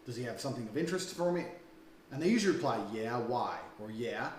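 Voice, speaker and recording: A man's voice: medium pitch, animated, quick pace, roomy sound, distant mic. A man giving a blunt, profane lecture for a dating course, talking crudely and emphatically.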